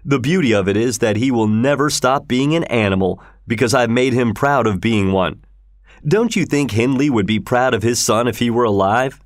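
A man's voice: medium pitch, moderate pace, dry recording, studio quality, natural voice. A man voicing a cruel, scheming middle-aged landowner in a read-aloud story, with a cold, mocking manner.

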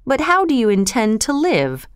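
Cold cruel old french marquis, dismissive, woman reading him, smooth clear voice. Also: a little high, huge pitch swings, normal speed, dry recording, clean studio sound, pitched above the performer's own voice. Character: cruel cold aristocratic older male marquis.

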